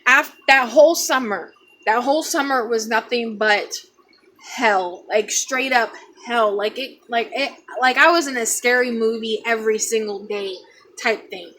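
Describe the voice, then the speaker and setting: A young woman tells a personal story straight to her viewers in a loose, rambling way, acting out the voices of the people in it. Her voice is bright and sits a little high. A faint hiss of background noise runs under the recording. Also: unhurried. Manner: animated, rambling, acts out quotes. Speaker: vlogger telling a personal story. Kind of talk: casual storytelling to camera.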